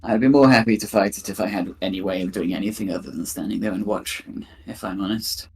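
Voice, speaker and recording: A man's voice: on the low side, fast, a little mellow. A man playing a tabletop role-playing game, making dry, wry remarks to the group. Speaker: player. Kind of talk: casual tabletop play chat.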